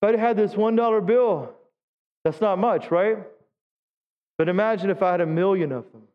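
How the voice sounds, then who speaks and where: A man's voice: high-pitched, moderate pace. A male pastor giving a sermon in a church, talking with the congregation and asking them questions. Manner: conversational preaching, asks the congregation questions. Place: church sanctuary. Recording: dull lo-fi sound with long hall reverb.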